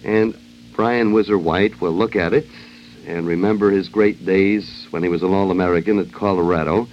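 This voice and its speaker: Wry low-voiced radio host joking. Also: male voice, fairly even intonation, normal speed. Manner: wry, joking, loose ad-libbing. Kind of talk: comedic radio monologue. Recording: dull lo-fi old radio recording with faint hiss.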